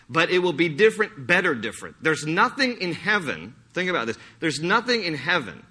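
A male pastor delivering a sermon in a lively, anecdotal way. His voice is bright and a touch high. He laughs often and restarts phrases as he talks. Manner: animated storytelling with laughs and restarts.

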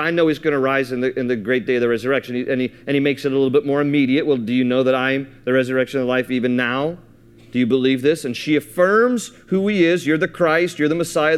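A man preaching a sermon, reading scripture aloud and explaining it in a casual, thinking-aloud way with frequent restarts. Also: on the high side. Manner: reads scripture aloud, then explains it conversationally; repeats and restarts words while thinking aloud. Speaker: pastor.

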